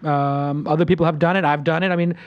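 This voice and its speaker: A man hosting a casual roundtable show, his voice sitting high for a man. He tells stories boastfully and with animation, acting out the lines of the people he met. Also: fast, lo-fi sound. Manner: boastful, animated storytelling with acted-out quotes. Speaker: podcast host.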